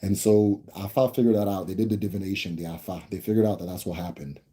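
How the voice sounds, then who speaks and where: A man's voice: deep voice, steady tone, fast talker, warm tone, breathy edge. A man hosting a live stream, telling a family story in a rambling, casual way, with lots of restarts and tag questions. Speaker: host answering viewer questions.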